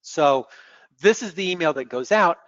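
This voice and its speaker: A man presenting a software demo on a screen-share webinar, explaining step by step in a relaxed way and often repeating words as he clicks. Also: a little high, normal speed, no room sound. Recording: dull lo-fi webinar audio.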